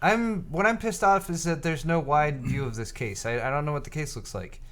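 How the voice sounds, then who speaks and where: A man's voice: on the high side, moderate pace. A young man co-hosting a live computer hardware show, chatting casually, giving advice and teasing his co-host. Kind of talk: casual live-stream banter.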